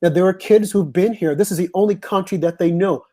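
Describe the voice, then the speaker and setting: A man's voice: high voice, fairly quick, mellow. An American man hosting a casual discussion, giving his views in an opinionated, emphatic way. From United States.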